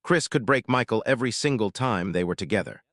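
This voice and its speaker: Low-voiced man reading narration. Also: lively intonation, brisk, noisy background. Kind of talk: scripted narration.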